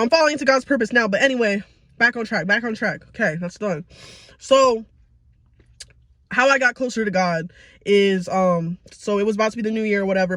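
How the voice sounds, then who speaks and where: A man's voice: high-pitched, fairly bright tone, dry recording. A young man around twenty giving a casual, heartfelt personal faith testimony in a confessional way. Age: young adult. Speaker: vlogger.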